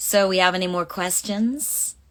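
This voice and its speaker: A woman's voice: lowish voice, normal speed, fairly bright tone. A woman voice actress chatting through a live fan Q&A, reading out questions and answering casually.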